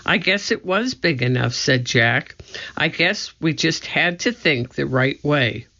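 Reader doing a nervous young boy, worried and grumbling, bright tone with a gravelly edge, dull lo-fi sound. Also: medium pitch, expressive, unhurried. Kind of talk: storybook reading. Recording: dull lo-fi recording.

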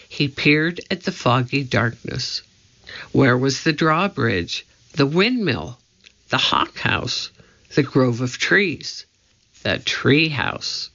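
A woman reading a children's storybook aloud in a measured, deliberate way, in a slightly dull lo-fi recording. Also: extremely low pitch, big pitch swings, a bit bright. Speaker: audiobook reader.

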